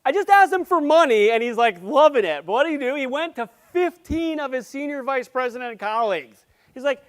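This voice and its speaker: A man giving a live conference presentation, playful and jokey, with quick asides to the audience. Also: very high voice. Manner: grows loud and excited as he goes. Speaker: conference speaker.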